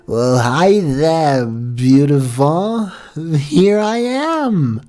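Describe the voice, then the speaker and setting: A man voicing a smarmy young stallion pony who drawls slow, cheesy pick-up lines. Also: a little high, sing-song, darkish tone, soft background music, voice pushed up, full character voice.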